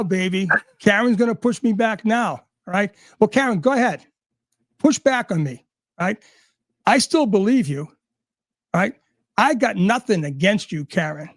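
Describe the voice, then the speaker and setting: A man's voice: high voice, no room sound, clean studio sound. A man ranting angrily and sarcastically, swearing at almost every turn. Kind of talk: profane rant.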